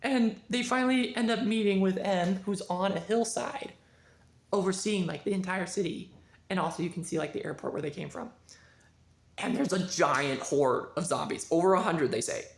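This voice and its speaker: A woman's voice: normal speed, vocal fry. Chatty woman retelling a story. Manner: chatty, acts out dialogue with sudden jumps in pitch. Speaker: book reviewer. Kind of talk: casual book review vlog.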